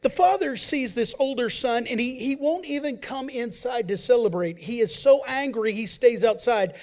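A man preaching as a pastor, who swings between loud emphasis and quiet, hushed asides and acts out the voices he quotes. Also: very high-pitched, normal speed, a little hiss or hum. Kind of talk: sermon.

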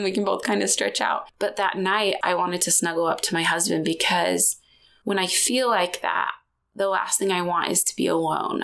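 Woman, thirties, podcast host, confessional storytelling, gravelly fry. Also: lowish voice, fairly bright tone. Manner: candid, emotional, confessional.

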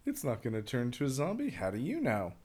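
A man co-hosting a podcast, giving snarky, deadpan movie watchalong commentary full of swearing. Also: medium pitch, brisk, husky. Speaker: podcast co-host.

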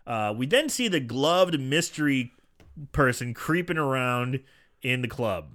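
Brief: lively, bright-voiced man, profane casual movie recap, jumps into silly voices. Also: mid-range voice, a little slow. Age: young adult or middle-aged, a parent. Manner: animated, profane, acts out quoted lines in exaggerated voices. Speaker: podcast co-host recapping a movie. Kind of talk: casual chat.

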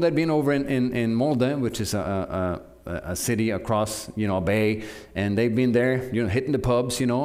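A man from Norway preaching a sermon, urging his listeners with animated delivery and frequent restarts. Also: medium pitch.

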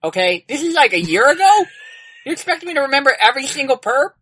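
A woman playing a tabletop role-playing game, arguing defensively and quickly in character. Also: sits high, sing-song, a bit bright, no echo, rough recording.

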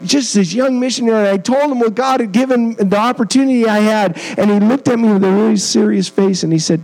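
High-voiced man telling a sermon story. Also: brisk, hardly any pauses, a little mellow, poor audio. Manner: self-deprecating humor, earnest storytelling. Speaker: missionary preaching as guest. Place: church.

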